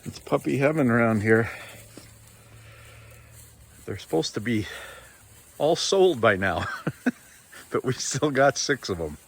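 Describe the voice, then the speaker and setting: A man's voice: mid-range voice, slow pace, gravelly, pauses often, slightly rough. A man from Norway chatting casually in his vlog about the puppies around him. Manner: relaxed, calls out to dogs. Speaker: vlogger.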